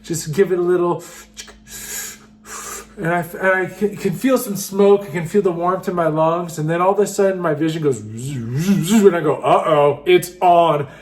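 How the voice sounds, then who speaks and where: Man, high-pitched, casual storytelling, excitable, filler-heavy. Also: normal speed. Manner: excitable, animated, lots of fillers like "just" and "like". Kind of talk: casual first-person storytelling.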